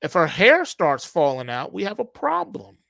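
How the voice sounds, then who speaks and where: A man's voice: sits high, huge pitch swings, moderate pace, gravelly, sharp tone, dry recording, clean studio sound. A man hosting a trading channel, giving casual market commentary through slangy, playful storytelling.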